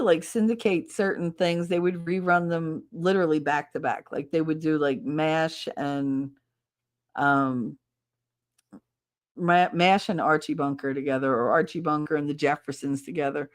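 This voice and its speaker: A middle-aged woman chats alone on her podcast in a somewhat low voice. She rambles from one memory to the next and pokes fun at herself along the way. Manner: rambling, nostalgic and self-mocking. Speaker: podcast host. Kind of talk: casual solo chat.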